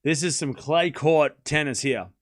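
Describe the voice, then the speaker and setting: Speaking at a measured pace in a voice on the high side, a man hosts a live tennis watchalong stream. His casual play-by-play calls each shot in short bursts, broken up by loose chat with viewers between points and offhand swearing.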